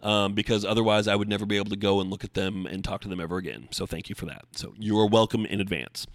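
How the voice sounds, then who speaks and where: A man's voice: fairly low pitch, fast talker, hardly any pauses, no echo, studio quality. A man hosting his own podcast alone, talking casually and rambling with lots of fillers. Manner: chatty, rambling with many fillers. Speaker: podcast host. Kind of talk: solo podcast monologue.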